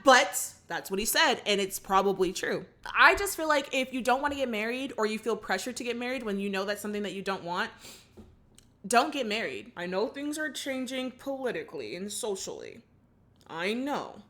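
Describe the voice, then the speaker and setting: A young woman running a movie reaction channel retells a film and shares her opinions with viewers in a chatty, casual way. Her fairly high voice is a bit bright, with lively intonation at a moderate pace.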